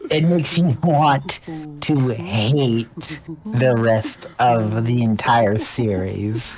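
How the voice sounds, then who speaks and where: Slow deadpan man joking on a stream. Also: mid-range voice, poor audio. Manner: deadpan, drawls one-word jokes. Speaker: co-host. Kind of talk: casual game stream chat.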